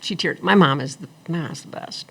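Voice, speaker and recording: A middle-aged woman telling her story as an interview guest, animated and acting out the people she quotes. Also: low-pitched, brisk, vocal fry, slightly rough. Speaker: guest, attorney and former engineer.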